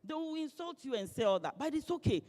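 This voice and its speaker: Woman, lively motivational speaker, heard with long hall reverb. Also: high-pitched, fast. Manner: lively, playful, acts out quoted voices. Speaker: guest speaker. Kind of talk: motivational speech.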